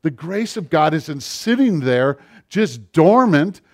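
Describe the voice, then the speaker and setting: A middle-aged man preaching a sermon, rising to loud passages and dropping to near-whispers. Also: fairly high pitch, very animated, takes it slowly. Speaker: pastor.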